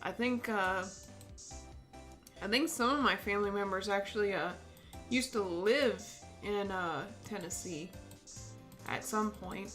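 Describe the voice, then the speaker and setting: A woman's voice: mid-range voice, measured pace, long pauses, fairly bright tone, faint music behind. A young woman streamer casually commenting while playing a game, chatty and giggly, with lots of fillers and restarts. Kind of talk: casual let's-play commentary.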